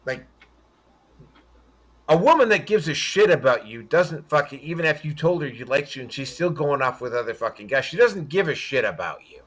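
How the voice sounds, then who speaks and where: A man's voice: on the high side, expressive, normal speed, fairly bright tone. A man hosting a casual podcast hangout, talking bluntly with frequent swearing and rambling restarts. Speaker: podcast host. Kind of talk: casual livestream chat.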